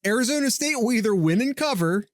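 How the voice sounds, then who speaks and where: A man's voice: very high-pitched, animated, fast talker, no room sound, clean studio sound. A man co-hosting a casual sports podcast, joking and teasing his partner while citing betting statistics. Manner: joking, teasing, stat-heavy. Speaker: podcast co-host. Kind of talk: casual sports picks chat.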